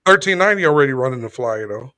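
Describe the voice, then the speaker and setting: A man's voice: mid-range voice, expressive, rapid-fire, sharp tone, no room sound, clean studio sound. A man co-hosting a morning talk show, wry and matter-of-fact. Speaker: co-host. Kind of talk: casual chat.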